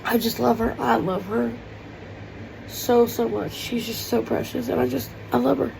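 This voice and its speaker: A woman's voice: fairly high pitch, steady tone, moderate pace, vocal fry, noisy background. A woman talking in a heartfelt, tearful personal vlog, rambling with many fillers as she speaks from her kitchen. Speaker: vlogger. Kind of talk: emotional personal vlog monologue. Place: home kitchen.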